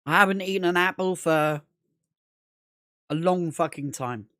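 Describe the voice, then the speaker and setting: A man's voice: high-pitched, measured pace, sharp tone, dry recording, clean studio sound. A man chatting casually on a gaming livestream, rambling, repeating himself and swearing constantly. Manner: rambling, repetitive, heavy swearing.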